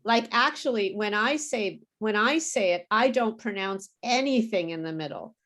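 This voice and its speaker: A woman teaching English pronunciation in an online class, saying words clearly and patiently for students to repeat. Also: mid-range voice, expressive, normal speed, a bit bright.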